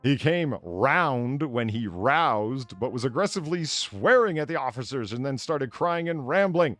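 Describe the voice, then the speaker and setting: A man's voice: medium pitch, animated, unhurried, a bit bright, no echo, soft background music. A man hosting a casual podcast, reading odd news stories aloud, laughing often and tripping over words. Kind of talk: casual chat.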